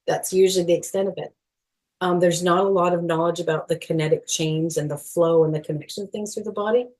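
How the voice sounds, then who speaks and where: A middle-aged woman speaking as a guest in a podcast interview, earnest and animated, with frequent small laughs and fillers. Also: lowish voice, fairly quick. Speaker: guest, movement educator.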